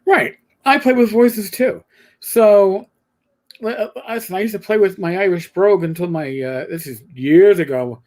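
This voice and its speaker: An older man from New York, co-hosting a casual chat, speaks at a normal speed in a voice that sits high. He rambles through animated stories, often restarting his sentences.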